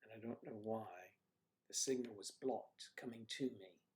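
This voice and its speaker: A man hosting a casual livestream, talking through technical trouble, with a gravelly voice and frequent throat clearing as he mutters to himself while checking his settings. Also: fairly low pitch, fairly even intonation, moderate pace, a little mellow. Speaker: livestream host. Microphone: computer microphone at a desk.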